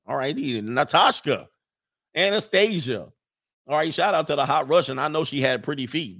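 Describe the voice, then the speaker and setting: A man's voice: mid-range voice, lively intonation, moderate pace, fairly bright tone. A man hosting a casual livestream, reading viewer comments and rambling through blunt opinions with frequent laughs.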